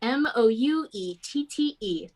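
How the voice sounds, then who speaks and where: A woman's voice: fairly high pitch, lively intonation, unhurried, a little mellow, rough recording. A woman running a tabletop game as game master, narrating casually with lots of fillers.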